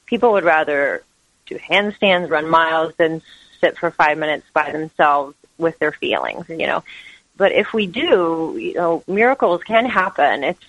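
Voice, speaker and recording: A woman yoga teacher with a deep, fairly bright voice answers interview questions as a guest, talking earnestly and fluidly about spirituality. The audio is dull, with no room sound.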